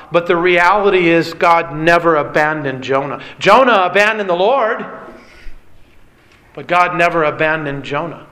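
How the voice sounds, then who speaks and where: A man's voice: sits high, pushed and bright. A man preaching a sermon, earnest and emphatic, often calling his listeners beloved. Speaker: pastor.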